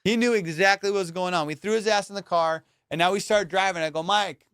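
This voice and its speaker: A male comedian hosting a podcast, telling high school stories in a slangy, animated way and acting out the people in them. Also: quick pace, clean tone, no echo, studio quality. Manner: slangy, animated, acts out quoted voices. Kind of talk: casual storytelling.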